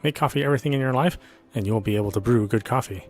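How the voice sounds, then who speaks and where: A man's voice: medium pitch, rapid-fire. A man reading a visual novel aloud in an earnest first-person narration. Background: faint background music.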